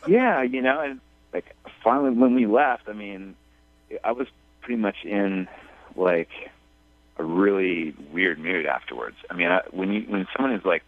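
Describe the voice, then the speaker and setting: A man calling in to a radio show, talking in a halting way with many restarts. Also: fairly low pitch, lively intonation, no room sound. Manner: halting, full of restarts and fillers. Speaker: caller. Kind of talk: radio call-in conversation. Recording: tinny phone line.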